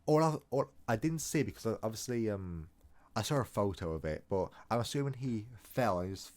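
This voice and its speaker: A man's voice: fairly low pitch, animated, moderate pace. A young man telling a story casually, rambling and joking at his own expense. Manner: rambling, jokey, self-mocking asides. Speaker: storytime vlogger.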